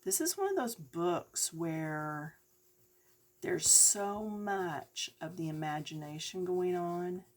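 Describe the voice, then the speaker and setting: A woman's voice: low voice, a little mellow. A woman giving a chatty coloring lesson, talking directly to her viewers. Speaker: coloring tutorial host.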